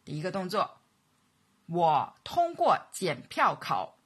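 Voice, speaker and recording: A woman teaches an English lesson with a Mandarin Chinese accent. Her voice is slightly husky and moves lively up and down. She speaks slowly, repeating each model sentence clearly for learners. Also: fairly low pitch. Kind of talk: language lesson narration.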